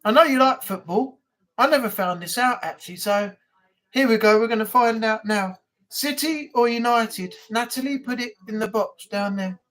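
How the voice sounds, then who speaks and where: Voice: mid-range voice, moderate pace, a bit bright. A live-stream host from England chatting casually and rambling, reading out viewer comments and ranting a little.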